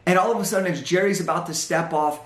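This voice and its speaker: A young man giving a motivational talk, telling a personal story in an animated way and acting out the dialogue. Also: high voice, fast, echoey room. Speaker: motivational speaker.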